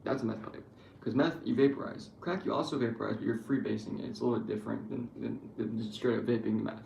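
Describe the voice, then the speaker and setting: A man's voice: on the low side, steady tone, quick pace, vocal fry, darkish tone. A young man streaming, telling crude jokes in a rambling casual monologue full of swearing. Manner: crude, joking, profane storytelling. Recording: echoey room with faint noise.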